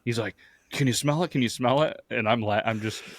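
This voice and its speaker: A man's voice: medium pitch, brisk, no room sound. A man hosting a podcast, telling stories in a laid-back way with crude jokes and lots of fillers. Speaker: podcast host. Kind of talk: casual chat.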